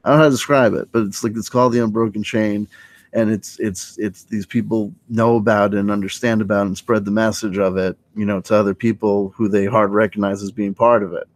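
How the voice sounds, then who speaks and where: A man's voice: on the low side, brisk, no room sound. A man hosting a late-night livestream, talking in a rambling, hesitant way with many restarts and sudden lifts in voice. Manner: rambling, hesitant, full of restarts, animated when quoting. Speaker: livestream host.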